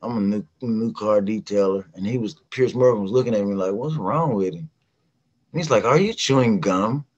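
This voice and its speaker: A middle-aged man from West Virginia, a guest singer telling a lively casual story and acting out the voices of people in it. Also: fairly low pitch, normal speed, dull audio.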